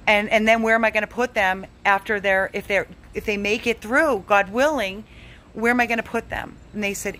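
Medium-pitched with fairly even intonation, this woman speaks at a moderate pace in a bright, forceful tone over slight background noise. As head of an animal rescue, she begs for donations urgently, emotionally drained, repeating her pleas again and again.

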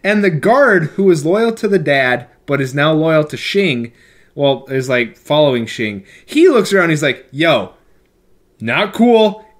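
A man co-hosting a comedy movie podcast, chatting loosely and stumbling through his thoughts with constant fillers. His voice sits a touch high and swings widely in pitch, jumping up into mock outrage. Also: expressive, normal speed. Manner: rambling, full of "like" fillers, bursts into loud mock outrage. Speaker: podcast co-host. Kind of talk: casual comedic movie chat.

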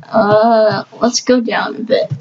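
A woman's voice: on the high side, flat delivery, slow, a little mellow, lo-fi sound, slight background noise. A woman watching along with a friend, casually asking curious questions. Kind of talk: casual chat.

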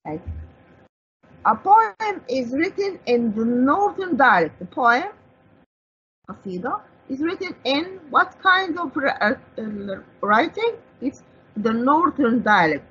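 A woman's voice: fairly high pitch, a bit bright, breathy edge. A woman with an Egyptian accent, an Arabic speaker teaching an English vocabulary lesson, who asks and answers her own questions as she explains each word. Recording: dull lo-fi broadcast audio.

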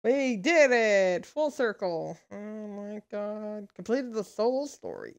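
A woman's voice: medium pitch, big pitch swings, takes it slowly, smooth. A young woman giving gameplay commentary, exasperated and swearing at the screen. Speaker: gaming video creator. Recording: voice over game audio with music. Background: game music.

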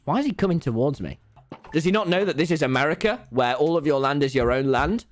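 A young man commentating his gameplay live, his pitch swinging all over the place as he shouts, swears and rants. Faint game music plays behind him. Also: a little fast. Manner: loud, excitable, swears and shouts often. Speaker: gaming streamer.

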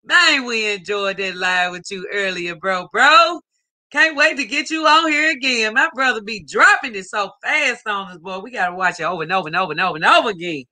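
A woman's voice: medium pitch, animated, a little fast, sharp tone. A woman hosting a live stream, upbeat as she greets viewers by name and reads their chat comments aloud. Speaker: livestream host.

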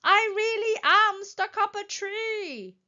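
Woman doing a high pleading young elephant. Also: very animated, sharp tone, muffled recording, exaggerated voice. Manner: high, drawn-out pleading calls. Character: playful young male elephant prankster.

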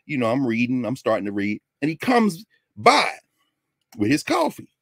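An older man from Tennessee telling a personal story in a lesson, animated and acting out the people he quotes. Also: medium pitch, normal speed, vocal fry, slightly rough, no echo, clean studio sound. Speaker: lecturer.

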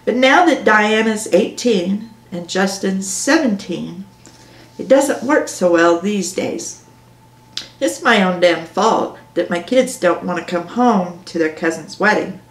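A woman's voice: medium pitch, expressive, slow. A woman author reading her own novel aloud in first person, with dry storytelling. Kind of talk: audiobook narration. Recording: roomy echo.

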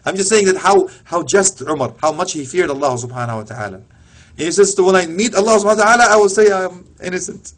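A man's voice: high-pitched, animated, fast. A man giving an emotional Islamic lecture, retelling stories with passion and sprinkling in Arabic phrases. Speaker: preacher.

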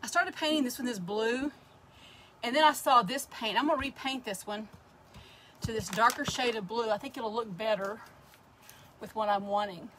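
A woman's voice: fairly high pitch, moderate pace, pauses often, a bit bright, slight background noise. Chatty woman hosting a craft livestream. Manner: chatty, greets viewers by name while working. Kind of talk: casual crafting livestream chat.

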